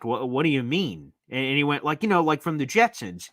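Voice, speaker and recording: A man in his thirties hosts a live sports chat with a bright, forceful voice. He rambles from one story to the next and jumps into little detours, with a dry, close sound and no room echo. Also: medium pitch, very animated, normal speed. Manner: acts out quotes with voices and sound effects. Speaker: sports talk host.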